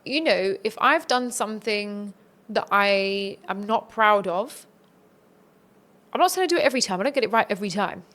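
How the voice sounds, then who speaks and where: A woman talks through personal growth in an earnest, reflective coaching tone. Her voice sits at an ordinary middle pitch, and she speaks in a relaxed conversational podcast style. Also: moderate pace. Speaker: podcast guest.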